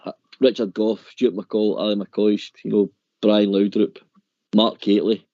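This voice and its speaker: Male caller, low mellow voice, earnest fan chat, dry muffled phone line. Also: flat delivery, measured pace, no echo. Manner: earnest, says "mate" often. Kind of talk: casual chat.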